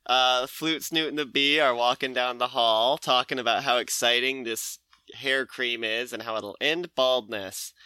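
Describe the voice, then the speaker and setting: A man's voice: mid-range voice, fairly even intonation, measured pace, sharp tone, clean tone, no room sound. A man hosting a podcast, casually recapping a comic and acting out the characters' lines with laughs. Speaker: podcast host.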